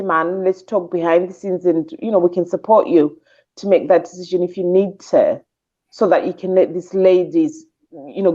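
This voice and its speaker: Lady panelist on a call, lowish voice, repeats herself, kinda dull lo-fi sound. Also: a little mellow. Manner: halting, repeats words, encouraging. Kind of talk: casual panel commentary.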